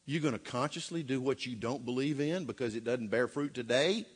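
A man's voice: medium pitch, a little fast, slightly rough. A middle-aged man preaching a sermon in a folksy way, with joking asides and rhetorical questions. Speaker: pastor.

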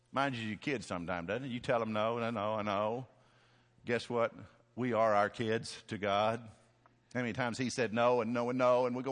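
A man preaching a sermon, storytelling with swings from hushed to loud, shouting peaks. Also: mid-range voice, fairly even intonation, moderate pace, long reverb tail.

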